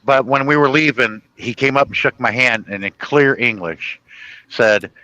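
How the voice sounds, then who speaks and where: A man telling funny stories in a casual chat, animated and rambling, laughing at his own tales. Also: mid-range voice, moderate pace, dry recording, lo-fi sound. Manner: chatty, with many restarts and "you know".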